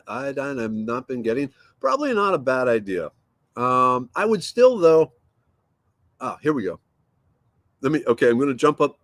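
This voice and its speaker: A man's voice: mid-range voice, no echo, clean studio sound. A man hosting a casual livestream, reading viewer comments aloud and rambling easily from home. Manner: rambling, easygoing, thinks aloud with fillers. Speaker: livestream host.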